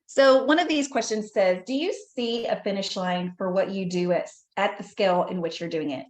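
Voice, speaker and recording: A woman's voice: mid-range voice, normal speed. A woman hosting a casual fan podcast, chatting and reading quotes aloud. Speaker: podcast host. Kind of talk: casual chat.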